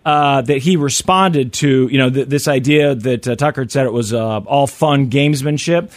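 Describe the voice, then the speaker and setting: A man co-hosting a radio show, chatting casually and agreeing with quick interjections. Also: mid-range voice, dry recording, clean studio sound. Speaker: radio co-host.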